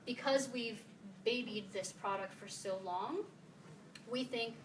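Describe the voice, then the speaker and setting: A woman's voice: fairly high pitch, slow, a little hiss or hum. A woman from the Philippines giving a casual, playful talk at a meetup, quizzing her audience. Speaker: conference speaker. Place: meeting room with audience. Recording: roomy sound, mic at a distance, faint ambience.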